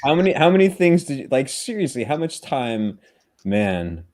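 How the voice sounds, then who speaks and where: A man's voice: mid-range voice, sing-song, normal speed, darkish tone. A man hosting a casual chat, teasing his guests and laughing often. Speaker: show host.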